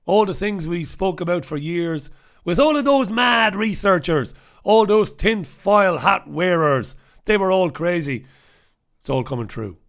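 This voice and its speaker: A man's voice: on the high side, expressive, normal speed, a bit bright. A man from Ireland, hosting a live newspaper review in a brash, sarcastic manner, swearing freely and greeting viewers from the chat. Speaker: host.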